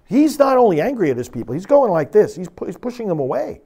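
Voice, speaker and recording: Male priest, emphatic sermon delivery, higher voice, animated intonation. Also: a little fast, hardly any pauses, breathy edge. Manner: emphatic preaching, reading scripture with dramatic force.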